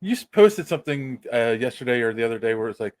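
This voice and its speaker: A man's voice: medium pitch, big pitch swings, fast talker, a little mellow. A man hosting a podcast, laid-back and joking, asking questions and throwing in short reactions during a casual interview. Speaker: podcast host.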